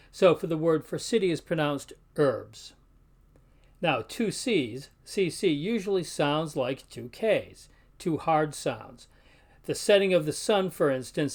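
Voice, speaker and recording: Speaking with care and a fairly high pitch, a Latin teacher walks through pronunciation in an instructional video. He takes his time sounding out each example word.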